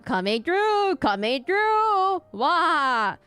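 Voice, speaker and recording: Woman squeaking as a pushy little onion. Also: sing-song, extremely slow, pushed and bright, soft background music, heavily acted. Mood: excited. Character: hyper little onion creature barging through. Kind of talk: imitating a game card voice line.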